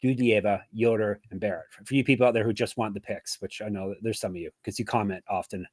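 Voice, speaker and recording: A man's voice: lowish voice, steady tone, fast talker, darkish tone, no room sound, clean studio sound. A man hosting a sports betting podcast, chatting casually, joking and plugging links. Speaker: podcast host.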